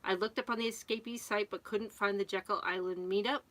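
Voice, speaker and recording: A middle-aged woman from Connecticut chatting on a live show at an ordinary, mid-range pitch. She talks casually and easily, reading out viewer comments and laughing often. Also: steady tone, fairly quick, a bit bright.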